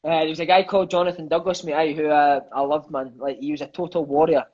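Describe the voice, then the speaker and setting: A man's voice: a little high, fast. A Scottish man in his thirties telling rowdy stories from his football career in casual interview chat, swearing and calling his host mate. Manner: animated, swearing, peppers lines with "mate". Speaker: interview guest, former footballer. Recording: dull lo-fi sound.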